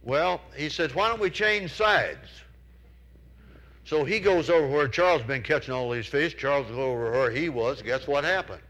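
A man's voice: mid-range voice, brisk, few pauses, fairly bright tone, rough recording. A man preaching a sermon, telling folksy stories, asking his listeners questions and acting out the people in his tales with raised voices. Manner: folksy storytelling, asks the congregation questions; acts out characters in raised voices.

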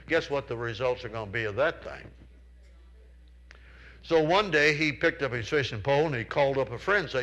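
Bright-voiced male preacher telling folksy stories. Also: medium pitch, lively intonation, a little fast, poor audio. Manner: folksy storytelling, asks the congregation questions; acts out characters in raised voices. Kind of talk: sermon.

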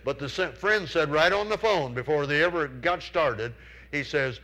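A man's voice: a little high, normal speed, sharp tone, low-quality recording. A man preaching a sermon, telling folksy stories, asking his listeners questions and acting out the people in his tales with raised voices. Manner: folksy storytelling, asks the congregation questions; acts out characters in raised voices.

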